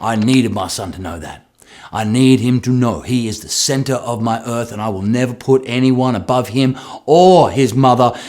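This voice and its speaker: An Australian man in his thirties, a rapper who raps his lines and then explains them in casual talk. He tells stories with sudden loud, excited re-enactments. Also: medium pitch, moderate pace.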